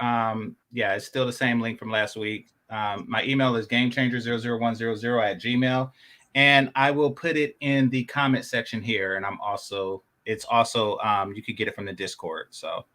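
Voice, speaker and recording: A man hosting a casual livestream panel, talking in a relaxed way with lots of "um"s and restarts. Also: medium pitch, normal speed. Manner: relaxed, hesitant with many fillers. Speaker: host.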